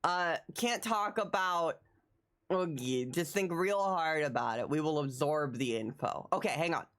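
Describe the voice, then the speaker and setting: Woman livestreamer, excitable and rambling, animated pitch swings, slightly low voice. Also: measured pace. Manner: excitable, rambling, repeats phrases. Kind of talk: casual live-stream chat.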